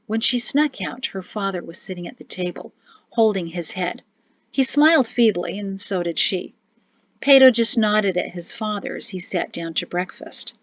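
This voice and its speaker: A woman narrating an audiobook with an expressive, even storytelling read. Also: mid-range voice, moderate pace, no echo. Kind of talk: scripted narration. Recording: dull, dry recording.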